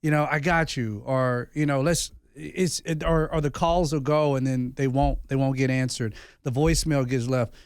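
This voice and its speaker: A man's voice: mid-range voice, fairly even intonation, normal speed, few pauses, darkish tone, clean tone, dry recording, clean studio sound. A man in his thirties, a podcast host and former pastor, telling personal stories in a candid, earnest way. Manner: earnest, confessional storytelling peppered with "bro". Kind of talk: candid conversation.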